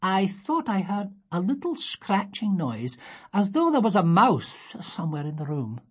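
A woman voicing a small, bird-like lady of eighty-one in a storybook reading, brisk and matter-of-fact, pitched well above her own voice. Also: sing-song, breathy edge.

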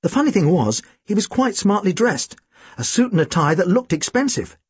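A man's voice: high voice, sing-song, normal speed, husky, no room sound. A man reading an audiobook, narrating in a dry, wry storytelling manner. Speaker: audiobook reader.

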